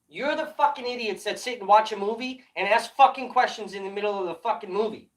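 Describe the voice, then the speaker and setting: A woman's voice: medium pitch, fairly quick. A woman hosting a livestream, scolding her chat in a heated, profanity-filled commentary rant. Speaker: livestream host.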